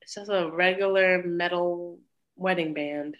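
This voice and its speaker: A woman co-hosting a casual chat, recapping a show in an animated, profane way and acting out lines with laughter. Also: lowish voice, a little slow, muffled recording. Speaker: podcast co-host.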